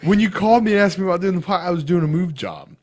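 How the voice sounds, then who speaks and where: A young man co-hosting a podcast, telling crude jokes with loud bursts of laughter. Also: high voice, animated, racing. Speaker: podcast co-host. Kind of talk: crude casual chat.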